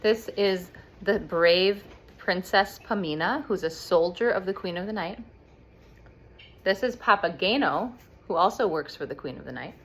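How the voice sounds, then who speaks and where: Lively woman storyteller for kids, pitch bouncing all over, animated. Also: a little slow, breathy edge. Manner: animated, expressive. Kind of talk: explaining an opera story to children.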